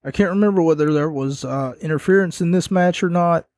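A man's voice: fairly high pitch, a little fast, dry recording. Rambling man recapping wrestling. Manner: rambling, animated when retelling. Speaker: wrestling commentator. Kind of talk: casual recap commentary.

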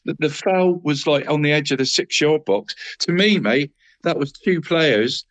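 A chatty co-host with a lilt, going on at length about a match. His voice sits a little higher than most men's, and he peppers every sentence with "mate" and tag questions. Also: unhurried, a bit bright. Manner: rambling, says "mate" constantly. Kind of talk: casual football chat.

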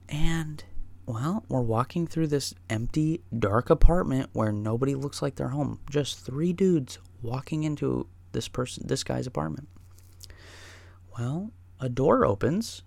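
A man with a gravelly, creaky voice tells a wild personal story in a loose, rambling way, swearing freely. His voice sits at an ordinary pitch, and the recording is close and dry, with no room sound. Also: a little slow, no room sound. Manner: profane, rambling, excitable.

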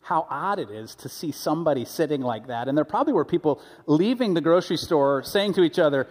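A man with a fairly high voice preaches in a relaxed, chatty way, telling stories and often restarting mid-sentence. His words ring with a long reverb from a church sanctuary. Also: fairly quick. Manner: conversational, animated storytelling with frequent restarts. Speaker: pastor. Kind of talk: sermon.

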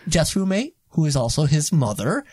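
A man hosting a casual movie-review podcast, rambling and halting, laughing often. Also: fairly high pitch, very animated, darkish tone, slight background noise. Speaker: podcast host.

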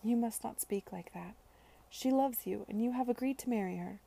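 Earnest young heroine, read by a woman, soft and heartfelt, slight fry in the voice. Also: on the high side, moderate pace, voice pushed up. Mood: tender.

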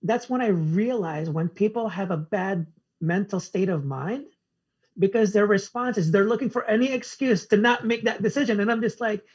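Podcast guest, male, very husky voice, animated storyteller who quotes whole exchanges, dull audio. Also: high-pitched, normal speed. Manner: acts out conversations in quoted dialogue. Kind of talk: casual storytelling interview.

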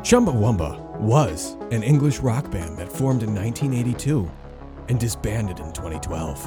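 A man co-hosting a podcast, reading an absurd story in a mock-solemn, deadpan narration. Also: lowish voice, normal speed, over music. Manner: deadpan storytelling with swooping emphasis. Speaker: podcast co-host.

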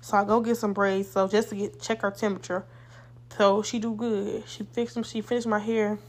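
A woman's voice: mid-range voice, flat delivery, normal speed, darkish tone. A young woman hosting a podcast, telling a casual storytime monologue in a blunt, profane, rambling way. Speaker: podcast host.

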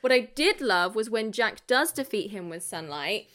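A woman co-hosting a casual film discussion, lively, acting out characters' lines in funny voices. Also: medium pitch, normal speed.

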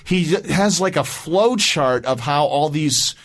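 A man's voice: a little high, expressive, slow, a bit bright. A man hosting a casual podcast interview, talking in a loose, chatty way. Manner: chatty, loose, lots of fillers. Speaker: podcast host.

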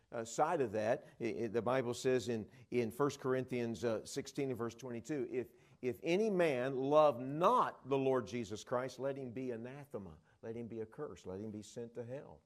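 A middle-aged man from the Dallas area preaching a sermon, retelling Bible scenes and acting out the voices of the disciples. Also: mid-range voice. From Dallas area, Texas.

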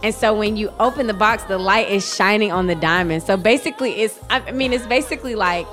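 A woman's voice: mid-range voice, a little fast, faint music behind. Chatty young woman telling a story. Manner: chatty, heavy use of "like" fillers; animated, emotional retelling. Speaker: podcast co-host. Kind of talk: casual chat, storytelling.

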